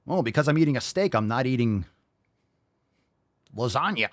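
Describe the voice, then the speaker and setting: A male podcast host delivers a blunt, profane rant. His pitch swings widely from phrase to phrase. The sound is close and dry, with no room around it. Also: expressive, moderate pace, no echo. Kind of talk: ranting podcast monologue.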